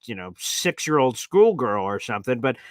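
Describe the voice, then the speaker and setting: A man hosting a live call-in talk show, chatty and animated, often acting out his callers. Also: medium pitch, no room sound, clean studio sound. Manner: animated, acts out callers in quick impressions. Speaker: host.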